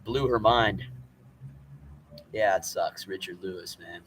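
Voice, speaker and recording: A man's voice: sits low, slow pace, fairly bright tone, slight background noise. Rambling, profane man live-streaming outdoors. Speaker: vlogger. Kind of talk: live-streamed walking vlog. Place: outdoors at a motel parking lot in light rain.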